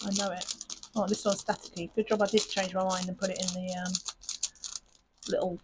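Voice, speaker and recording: A woman talks casually to camera as she kits up a craft project. She rambles, laughs at her own thoughts and pokes fun at herself, in a voice of middling pitch. A faint hiss sits under the recording. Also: little pitch movement, brisk. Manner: chatty and self-mocking, rambling with giggles. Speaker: crafting channel host. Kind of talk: casual chat while sorting craft supplies.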